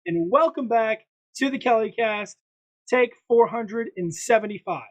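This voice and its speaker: Unhurried and expressive, this high-voiced man hosts a sports prediction podcast, chatting loosely like a presenter and repeatedly beginning his sentences again. The sound quality is dull and lo-fi.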